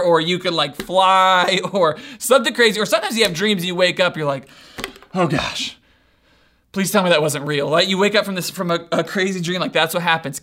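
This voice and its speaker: A man with a high, bright voice gives a relaxed, conversational sermon. He talks to the room like friends and keeps checking that they follow along. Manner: animated, conversational, often checks in with listeners. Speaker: preacher. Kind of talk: casual sermon retelling a Bible story.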